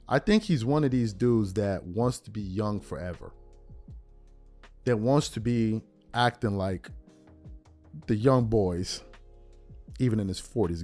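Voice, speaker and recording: A man in his thirties with a lowish, slightly mellow voice hosts a podcast. He offers opinionated sports commentary, firing off incredulous rhetorical questions and using street slang.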